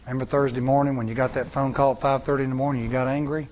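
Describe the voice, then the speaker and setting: A man's voice: mid-range voice, flat delivery, rapid-fire, darkish tone, a little hiss or hum. A middle-aged man preaching a sermon to a congregation, with repeated rhetorical questions and rising emphasis. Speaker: pastor.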